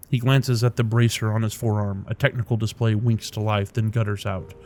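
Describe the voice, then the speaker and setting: A man's voice: lowish voice, level tone, brisk, few pauses, darkish tone, a little hiss or hum. A man narrating a video game, reading its text aloud with casual remarks and tripping over unfamiliar names. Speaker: let's play commentator.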